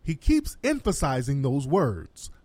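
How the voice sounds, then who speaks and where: A man's voice: medium pitch, wildly swooping pitch, measured pace, darkish tone, dry recording. Emphatic man reacting to a clip. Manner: emphatic, preachy, addresses viewers directly. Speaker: political commentator.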